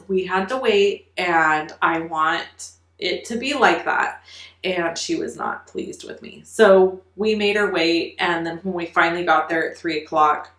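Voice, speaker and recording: A woman's voice: lowish voice, gravelly, echoey room. A middle-aged woman telling a story in a chatty way while she works on a card, leaning on "like" as she talks. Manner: chatty, animated, lots of "like" fillers. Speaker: card-making vlogger. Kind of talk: casual storytelling while crafting.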